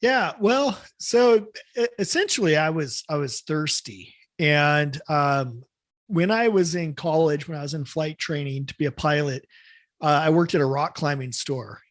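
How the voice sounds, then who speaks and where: Higher-voiced man telling his story. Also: unhurried. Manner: relaxed, self-amused, chatty. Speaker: guest inventor. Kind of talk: casual storytelling interview.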